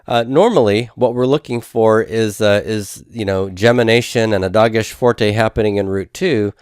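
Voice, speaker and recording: A man's voice: on the low side, normal speed, darkish tone, clean tone, dry recording, clean studio sound. A man teaching a recorded lesson, explaining step by step in a patient, methodical way with frequent fillers. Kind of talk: recorded classroom lecture.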